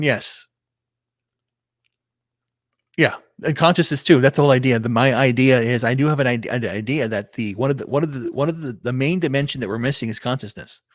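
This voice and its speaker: Halting man in his fifties, rambling solo. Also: medium pitch, dry recording, clean studio sound. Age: 50s. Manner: meandering, halting, many restarts and repeated words; blunt, swears casually. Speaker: vlogger. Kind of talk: rambling solo livestream talk.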